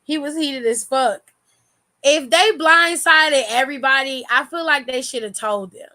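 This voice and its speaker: A young woman talks through wrestling news in a casual, animated vlog style. Her voice sits fairly high. She swears freely and breaks into laughter as she reacts. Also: unhurried. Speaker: wrestling commentary vlogger.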